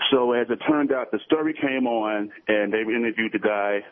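A man's voice: on the low side, little pitch movement, normal speed, few pauses. A man, an upbeat former basketball player calling into a radio show. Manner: upbeat and talkative. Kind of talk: casual radio chat. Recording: tinny phone line with noise.

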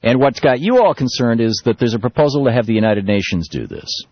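Husky-voiced talk radio host, lively. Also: male voice, mid-range voice, brisk, dry recording. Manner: loose, animated delivery with many restarts and fillers. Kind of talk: political talk radio monologue. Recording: muffled lo-fi radio broadcast.

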